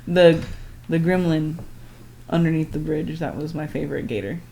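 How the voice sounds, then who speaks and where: A woman's voice: sits low, steady tone, normal speed, dark tone, slight background noise. A woman co-hosting a podcast, telling a story in casual chat, laughing often and filling her talk with "like". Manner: chatty, laughing, lots of "like". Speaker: podcast co-host.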